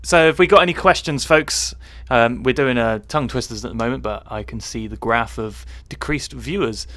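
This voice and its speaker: A man's voice: mid-range voice, normal speed, a bit bright, dry recording. A man co-hosting a casual livestream, joking around and trying tongue twisters. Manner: jokey, trying out tongue twisters and mock accents. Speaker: livestream co-host.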